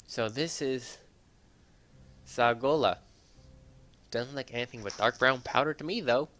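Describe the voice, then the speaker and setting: A man's voice: medium pitch, measured pace, a bit bright. A man playing a story game, chatting casually between read lines. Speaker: game player. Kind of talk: let's play commentary and reading.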